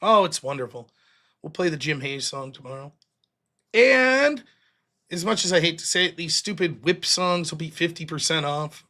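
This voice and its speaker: A man's voice: on the high side, animated, normal speed, pushed and bright. Heated, profane male livestream host. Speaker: livestream host reading donations. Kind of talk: casual livestream rant.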